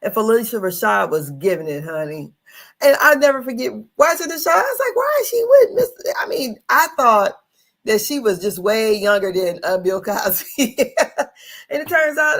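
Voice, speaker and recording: A woman's voice: fairly high pitch, expressive, normal speed, a bit bright. A middle-aged woman hosting a casual livestream, chatty and folksy, calling her viewers honey. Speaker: livestream host.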